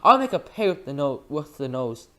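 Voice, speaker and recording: A reader voicing a pompous, blustering rich father who shouts his outrage in a high, loud voice. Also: very animated, normal speed. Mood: indignant.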